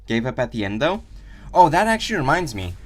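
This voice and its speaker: A man's voice: mid-range voice, sing-song, a little fast. A man casually chatting on his game live stream, unsure of himself and answering viewer questions from chat. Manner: rambling, unsure, reads chat aloud.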